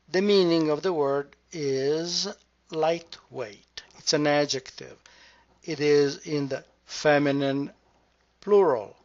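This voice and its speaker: Male language teacher, very unhurried and careful delivery, muffled lo-fi recording. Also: a little high. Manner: careful, repeats words slowly to model sounds. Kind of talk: slow, deliberate pronunciation lesson. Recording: dull lo-fi recording.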